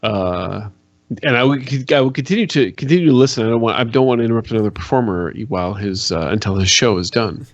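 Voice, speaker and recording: A man's voice: lowish voice, lively intonation, fast talker, highs cut off. A man playing a tabletop game, talking hesitantly with many fillers and restarts. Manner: hesitant, full of ums and restarts. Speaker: player. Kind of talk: casual tabletop play.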